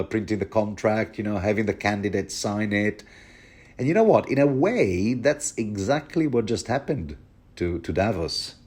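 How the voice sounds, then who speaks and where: A man's voice: on the low side, darkish tone. A man hosting a podcast, giving jokey, chatty chapter commentary full of asides. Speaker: podcast host.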